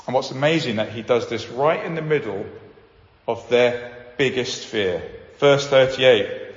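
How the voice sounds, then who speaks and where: A man preaching a sermon, animated and acting out the voices of the people he quotes. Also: on the high side, moderate pace. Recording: echoey hall, dull sound.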